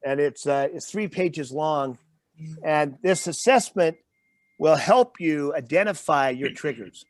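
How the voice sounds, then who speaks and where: A man's voice: fairly high pitch, slow, no echo. A man as the guest speaker and trainer in an interview, explaining with everyday examples and stopping to check in with the listener.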